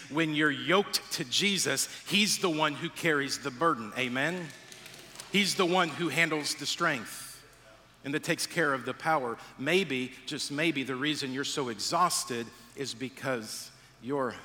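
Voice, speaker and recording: Animated preacher man in a big hall. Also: slight background noise. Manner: animated storytelling, acts out voices, drops low and quiet for emphasis. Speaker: pastor. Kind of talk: sermon.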